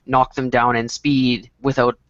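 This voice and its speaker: A man's voice: medium pitch, flat delivery, measured pace, no room sound. A man on a tech podcast, chatting casually with wry, joking asides. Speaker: podcast panelist. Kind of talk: casual chat. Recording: dry, dull lo-fi audio.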